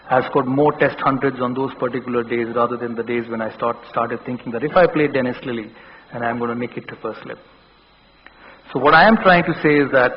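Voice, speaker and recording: Indian guy in his 40s, motivational speech in a big hall, earnest, keeps restarting, kinda muffled and echoey. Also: a little hiss or hum. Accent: Indian English. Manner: earnest storytelling, repeats words and restarts. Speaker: keynote speaker. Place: large hall. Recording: dull, boomy hall recording.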